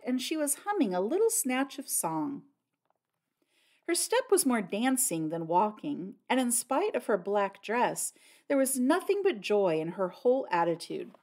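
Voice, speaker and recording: Woman narrating with lively expression. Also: medium pitch. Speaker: audiobook narrator. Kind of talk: scripted audiobook narration.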